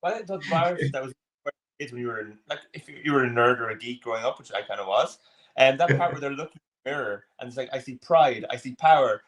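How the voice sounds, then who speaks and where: Man, guest, earnest, fast talker, mid pitch. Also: a bit bright. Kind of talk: casual chat.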